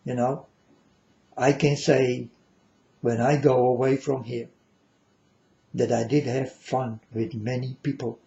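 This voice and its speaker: A man's voice: medium pitch, little pitch movement, slow pace, vocal fry, pauses often, dark tone, dull audio. A man giving an earnest, solemn monologue to his viewers, repeatedly calling them folks. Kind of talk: emotional monologue to camera.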